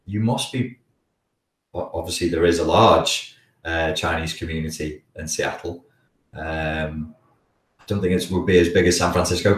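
A man's voice: sits low, roomy sound, distant mic, low-quality recording. A man from the Wirral with a Scouse accent and a blocked nose from a cold, hosting a casual live question-and-answer chat, hesitant with many restarts. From the Wirral, England. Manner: hesitant, many restarts, chuckles while talking.

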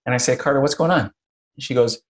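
Man telling animated stories as host. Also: mid-range voice, fast. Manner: animated storyteller, acts out quotes. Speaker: podcast host. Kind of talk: casual conversational interview.

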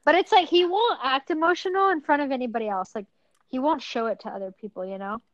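A young woman co-hosting a casual chat, soft-spoken, often trailing off and filling gaps with "like.". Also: high voice, fast talker, no echo, highs cut off. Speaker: podcast co-host.

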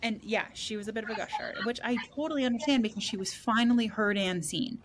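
A woman's voice: fairly high pitch, quick pace, noisy background. A woman hosting a casual podcast chat as a psychic reader, blunt and profane, laughing and acting out quotes from her sessions.

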